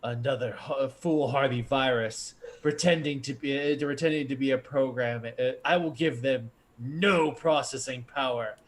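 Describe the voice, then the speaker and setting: A man voicing a booming, domineering computer program that scornfully hoards power in a tabletop game. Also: moderate pace, hardly any pauses, close to an everyday voice. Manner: loud, scornful proclamations.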